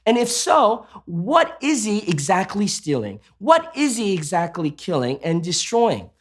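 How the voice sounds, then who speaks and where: A man's voice: sits high, sing-song, unhurried. A man preaching a sermon as pastor, emphatic and asking the congregation rhetorical questions.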